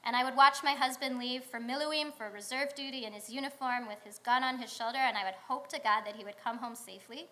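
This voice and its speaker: A woman rabbi delivering a sermon in a synagogue, telling stories in a conversational way with pauses. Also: on the high side, sharp tone. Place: synagogue sanctuary.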